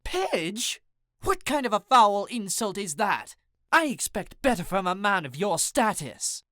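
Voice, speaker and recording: A man's voice: sits high, sing-song, a little slow, a bit bright, no room sound, clean studio sound, voice pushed up, heavily acted. A man voicing a young woman in a delusion who plays a haughty lady with a put-on posh British accent, theatrical and prim. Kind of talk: audiobook character voice.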